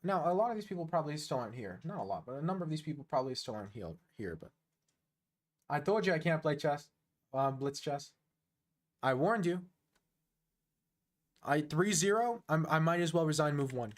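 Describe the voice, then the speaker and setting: A man streaming online chess, chatting casually and thinking aloud, quick to make fun of his own play. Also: fairly high pitch. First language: English. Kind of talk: casual live-stream commentary.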